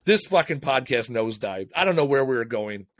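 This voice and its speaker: A man co-hosting a business podcast, telling stories in a profane, excitable, casual way. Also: medium pitch, fairly quick. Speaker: podcast co-host. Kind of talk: casual chat.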